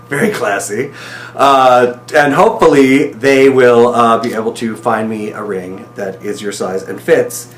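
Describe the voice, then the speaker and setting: A young man recording a casual video diary for his partner, talking in an excited, emotional, rambling way. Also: mid-range voice, unhurried, reverberant, faint music behind.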